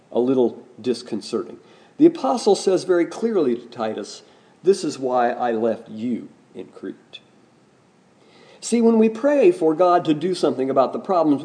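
Dark-voiced guy pastor preaching, emphatic, asks the congregation stuff. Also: mid-range voice. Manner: emphatic preaching with rising, pointed questions. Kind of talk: sermon.

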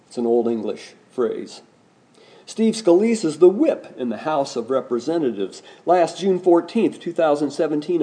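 Dark-voiced guy pastor preaching, emphatic, asks the congregation stuff. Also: a little high. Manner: emphatic preaching with rising, pointed questions. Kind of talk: sermon.

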